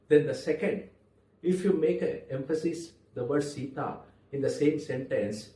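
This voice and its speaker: Measured man in an echoey room. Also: medium pitch, dark tone. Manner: measured, with deliberate pauses and stressed words. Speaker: public speaking trainer. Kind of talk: spoken lesson to camera. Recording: echoey room, voice a little far from the mic.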